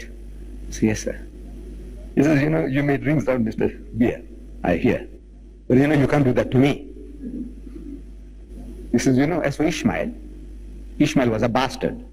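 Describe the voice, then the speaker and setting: A man giving a lecture, telling a personal anecdote in a quick, lively storytelling manner. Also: mid-range voice, creaky, slight background noise, low-quality recording. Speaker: Islamic lecturer.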